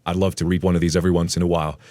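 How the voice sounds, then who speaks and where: A man's voice: low voice, rapid-fire, no room sound. Dry-voiced man reading a story aloud. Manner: animated storytelling with playful asides. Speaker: story narrator. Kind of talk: reading a story aloud, then casual commentary.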